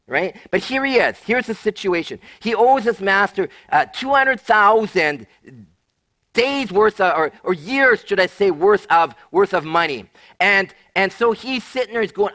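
A male pastor preaching a sermon, animated, often repeating and restarting words and acting out the voices of people in a Bible story. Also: high voice, normal speed.

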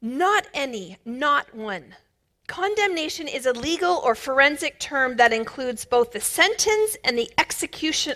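A woman preaching a sermon with emphatic, rising bursts of loudness, she is middle-aged. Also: high-pitched. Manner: emphatic, builds to loud bursts.

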